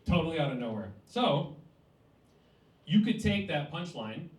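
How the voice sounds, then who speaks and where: A man's voice: fairly high pitch, very animated, unhurried. A man from Cleveland, Ohio, doing a chatty stand-up comedy set in a small cafe. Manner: chatty, rhetorical, with many "like" and "right?". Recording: echoey cafe room, distant mic.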